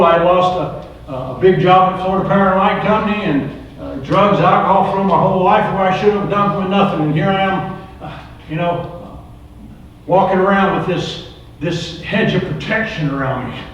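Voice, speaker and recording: Brief: middle-aged male preacher, high voice, repetitive rhetorical style, distant mic in a very echoey room. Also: highs cut off, a little hiss or hum. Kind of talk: recovery ministry sermon.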